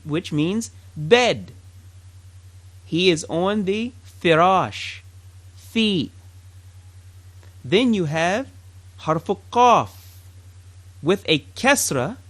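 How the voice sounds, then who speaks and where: A teacher giving a recorded Arabic pronunciation lesson, drilling each syllable, repeating it and asking listeners to say it along, with light joking asides. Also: mid-range voice.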